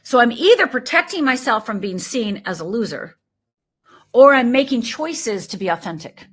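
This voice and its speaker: A middle-aged woman, a life coach, talking in an animated, emphatic way as an interview guest. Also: fairly high pitch, moderate pace, slightly rough. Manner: animated, emphatic, lively storytelling with quoted voices. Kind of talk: conversational interview.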